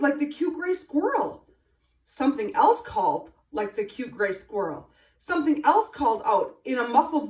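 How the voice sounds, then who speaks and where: A woman reading a children's story aloud with an expressive, sing-song delivery. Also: fairly high pitch, moderate pace, far from the mic. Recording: roomy, from afar.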